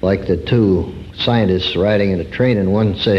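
A man giving an earnest personal testimony sermon, swinging between high emphatic phrases and low drawn-out words. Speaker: preacher. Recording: dull lo-fi recording.

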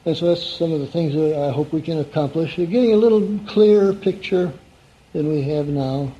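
A man's voice: on the high side, moderate pace. A man preaching an evening sermon in a conversational, folksy way, often putting questions to his listeners. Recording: dull lo-fi recording.

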